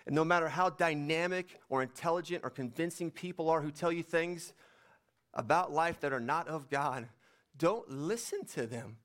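A man's voice: on the high side, moderate pace, fairly bright tone. A man preaching a sermon, reading scripture aloud and then explaining it in a conversational way. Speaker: pastor.

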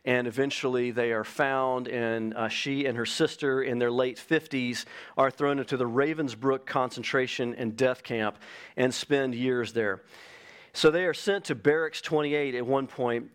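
A man's voice: mid-range voice, clear, resonant tone. A man preaching a sermon as pastor, earnest, reading an illustration aloud and stressing key phrases. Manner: reads an illustration aloud to the congregation.

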